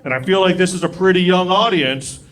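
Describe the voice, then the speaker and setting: A young man doing a stand-up set on a comedy club stage with an animated, self-mocking delivery. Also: high voice, brisk. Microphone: stage mic. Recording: live club recording with crowd. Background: audience laughter.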